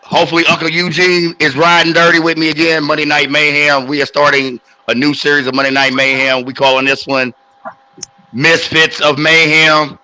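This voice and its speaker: A man's voice: fairly high pitch, level tone, a little fast, few pauses, pushed and bright, dry recording, rough recording. A man hosting a casual sports talk podcast, plugging his own show with hype announcer delivery. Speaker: podcast host promoting his wrestling show. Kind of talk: casual banter and show plug.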